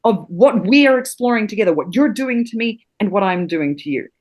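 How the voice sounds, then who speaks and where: A woman's voice: medium pitch, animated, fairly quick, a little mellow. A woman in her thirties from New Zealand, a guest on a podcast, talking passionately about acting with vivid images and casual swearing. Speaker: actor and acting teacher guest. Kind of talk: casual interview chat.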